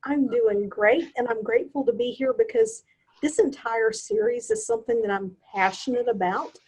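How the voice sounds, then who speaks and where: A woman's voice: a little high, lively intonation, normal speed, darkish tone, breathy edge, low-quality recording. A woman guest on a podcast, speaking earnestly and with emphasis. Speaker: guest, nurse anesthetist and hypnosis instructor. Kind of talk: casual podcast chat.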